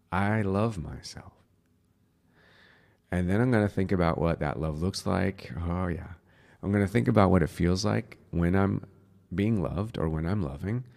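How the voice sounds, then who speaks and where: A man with a deep, gravelly voice hosts a spiritual podcast, teaching in a casual yet earnest manner. At times he drops into a soft, slow voice to demonstrate.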